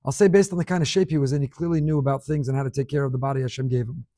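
A middle-aged man teaching a Torah class, reading listener emails aloud with animated, emphatic delivery and scattered Hebrew terms. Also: medium pitch, rapid-fire, no echo, clean studio sound.

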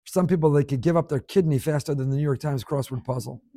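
A middle-aged man teaching a Torah class, reading listener emails aloud with animated, emphatic delivery and scattered Hebrew terms. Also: a little high, quick pace, no room sound, clean studio sound.

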